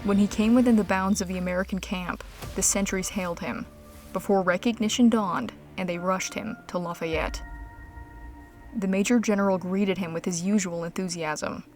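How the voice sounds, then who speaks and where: A woman reading a scripted history story in a measured, dramatic storytelling manner. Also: mid-range voice, darkish tone. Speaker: narrator. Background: music.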